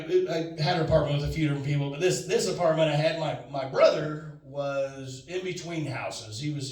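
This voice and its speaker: A man telling a stand-up story, rambling and acting out his friend's lines. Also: a little high. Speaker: stand-up comedian. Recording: echoey room from far off.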